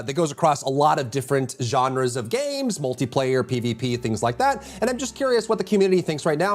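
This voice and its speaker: A man streaming live, chatting casually with his viewers, rambling and humming or muttering to himself between thoughts. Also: a little high. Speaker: full-time streamer.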